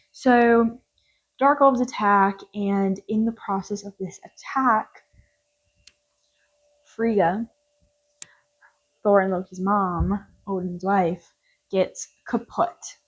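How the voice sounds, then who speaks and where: A woman's voice: mid-range voice, drawn-out words, long pauses, low-quality recording. Young female film reviewer, casual and rambling, with a jokey, off-the-cuff delivery.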